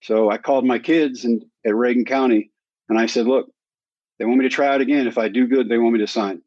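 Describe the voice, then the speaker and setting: Animated older man telling a story. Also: medium pitch, a little fast, dry recording. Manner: animated storyteller who acts out quoted dialogue. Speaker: guest. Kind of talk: storytelling in a sit-down conversation. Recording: dry, slightly dull recording.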